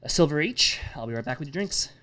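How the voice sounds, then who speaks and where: A man plays a tired barmaid taking orders with brisk, weary patience. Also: a little high, lively intonation, sharp tone. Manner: brisk, weary service talk.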